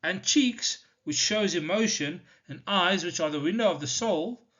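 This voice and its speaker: A male teacher from South Africa explaining a poem in a deliberate, step-by-step lesson, with many "so" and "now" turns. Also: sits high, a bit bright. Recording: slightly dull lo-fi recording.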